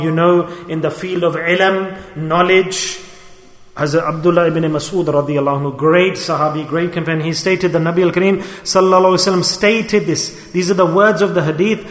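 High-voiced preacher in an echoing hall. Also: male voice. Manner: emphatic, asks the listeners many rhetorical questions. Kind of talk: sermon. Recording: echoey hall with long reverb.

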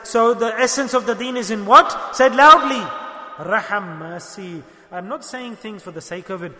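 A man delivers an emphatic, repetitive sermon, his bright, high voice swinging from loud declarations to near-hushed asides. The room is very echoey, with a long reverb trailing every phrase. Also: normal speed. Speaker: preacher.

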